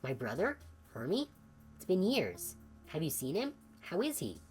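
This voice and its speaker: A woman voicing a gaunt, sickly older male scientist in video game dialogue, formal and measured. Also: lowish voice, wildly swooping pitch, darkish tone, faint music behind. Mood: shaken.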